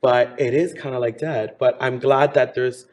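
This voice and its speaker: A man's voice: medium pitch, steady tone, moderate pace, a little mellow. Man, 30s, drag performer guest, campy and chatty, mid-range voice. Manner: campy, chatty, says honey. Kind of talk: casual interview chat.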